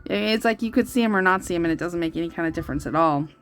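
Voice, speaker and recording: This woman in her thirties, who hosts a tarot channel, talks very fast in a lowish voice. Her casual coloring-and-chat vlog wanders, packed with fillers and restarts, and she gushes and gets emotional easily.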